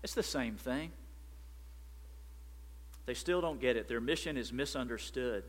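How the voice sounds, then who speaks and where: A man preaching a sermon as pastor, animated and emphatic. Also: mid-range voice, unhurried, long reverb tail.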